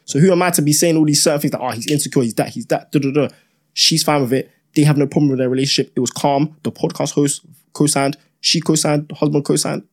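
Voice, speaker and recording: Fast-talking young man, animated. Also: a little high, husky. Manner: animated, repeats "broski" and "bro", talks over others. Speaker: podcast co-host. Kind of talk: heated casual debate.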